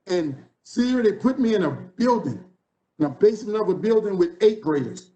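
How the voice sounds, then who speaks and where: A man's voice: high voice, animated, moderate pace, warm tone. A man in his fifties from New Orleans with a New Orleans accent, giving a motivational keynote with rhythmic, preacher-like repetition. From New Orleans, USA. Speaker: conference keynote speaker. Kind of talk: motivational speech.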